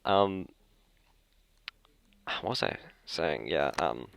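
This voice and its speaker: Young Australian guy, low voice, dry close sound, chatty podcast host who keeps restarting his sentences. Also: lively intonation, extremely slow, gravelly, a bit bright, no room sound. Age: young adult. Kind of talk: casual chat. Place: school library.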